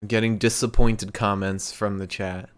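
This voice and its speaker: A man's voice: fairly low pitch, little pitch movement, normal speed, clear, resonant tone. A man co-hosting a podcast in casual chat, dry and teasing. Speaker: podcast co-host.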